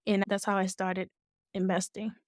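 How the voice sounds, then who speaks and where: A woman tells her own story as an interview guest. She acts out the quotes of the people in it and corrects her small slips as she goes. Her voice sits at a middle pitch, and the recording is dry with little room sound. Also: no room sound. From West Africa. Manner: animated retelling with acted-out quotes and quick self-corrections. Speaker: guest, real estate investor.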